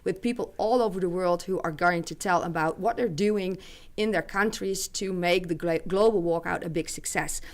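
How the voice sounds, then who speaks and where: Dutch woman hosting a livestream in english, halting, hunts for words. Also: lowish voice. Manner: hesitant, searching for words. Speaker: host.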